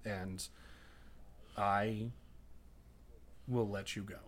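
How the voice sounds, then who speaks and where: A man voicing a gentle, wise male otherworldly guardian, speaking slowly and in a hushed, solemn way. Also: fairly low pitch, flat delivery, slight background noise. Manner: slow, hushed, solemn farewell.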